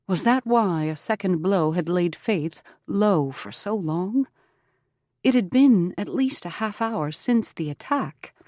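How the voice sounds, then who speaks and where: A woman narrating an audiobook in a measured, earnest storytelling manner on a close mic. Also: fairly low pitch, expressive, dark tone, no echo. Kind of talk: scripted narration.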